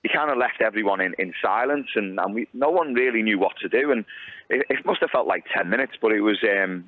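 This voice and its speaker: A man, a former footballer, telling relaxed, halting anecdotes as a radio guest. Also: on the low side, no room sound, narrow, tinny audio. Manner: relaxed storyteller, halting with fillers.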